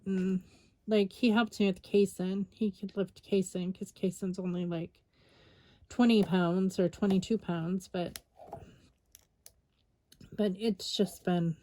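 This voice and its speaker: A woman's voice: mid-range voice, mellow. An exhausted woman chatting casually while she crafts, rambling with lots of fillers. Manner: rambling, tired, many fillers. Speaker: scrapbooking vlogger.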